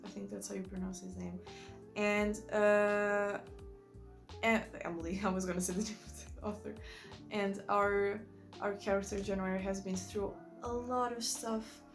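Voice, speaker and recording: A woman's voice: medium pitch, little pitch movement, normal speed, gravelly, faint music behind. A woman who is not a native English speaker, reviewing books in a rambling, enthusiastic way and often correcting herself. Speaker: book vlogger. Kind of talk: casual book review chat.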